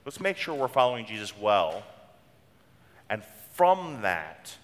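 A man's voice: lowish voice, very animated, slow pace. A middle-aged man, preaching a conversational sermon from a church. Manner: conversational preaching with homely stories. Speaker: pastor. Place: church sanctuary. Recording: long reverb of a church hall.

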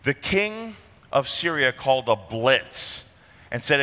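Brief: male pastor, bright and forceful tone, conversational sermon full of rhetorical questions, long reverb in the church. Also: medium pitch, sing-song, takes it slowly. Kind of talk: expository sermon.

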